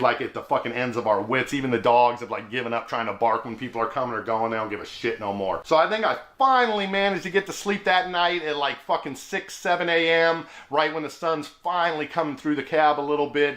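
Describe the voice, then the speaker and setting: A man's voice: fairly high pitch, fairly bright tone. A man hosting his own channel, telling a story in a laid-back way, swearing a lot and saying "dude.". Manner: profane, laid-back, says "dude" often. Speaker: vlog host. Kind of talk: casual storytelling. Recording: roomy echo.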